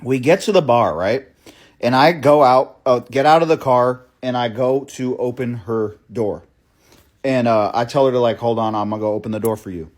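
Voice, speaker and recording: A young man telling a story in a casual, profane way, often asking "right?" and calling the listener "bro". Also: medium pitch. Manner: fast, breathless storytelling with many restarts. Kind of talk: storytime monologue.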